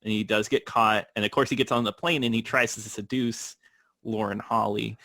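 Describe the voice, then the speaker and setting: A man co-hosting a film podcast in casual chat, laughing often and talking in an animated way. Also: fairly low pitch, moderate pace, no room sound, clean studio sound. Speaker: podcast co-host.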